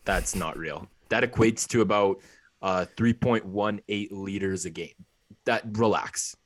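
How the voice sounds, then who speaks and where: A man's voice: fairly low pitch, a little slow. A young man co-hosting a podcast, chatting casually and joking about sports. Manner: laid-back, joking. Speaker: podcast co-host.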